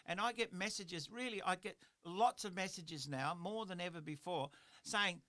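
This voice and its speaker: Bright-voiced radio host. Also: male voice, high voice, moderate pace. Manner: earnest, rambling, repeats phrases for emphasis. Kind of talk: motivational radio chat. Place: radio studio.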